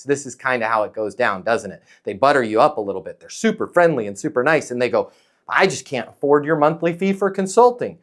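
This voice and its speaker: A man coaching a caller on sales, emphatic and animated, acting out bits of dialogue as he advises. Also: mid-range voice, fairly quick.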